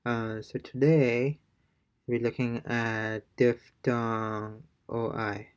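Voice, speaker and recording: Man, online language tutor, unhurried delivery, halting explanations, mid-pitched voice. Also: little pitch movement, smooth. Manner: halting, many fillers and restarts, explains by reading from notes. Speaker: Spanish teacher. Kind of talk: online pronunciation lesson.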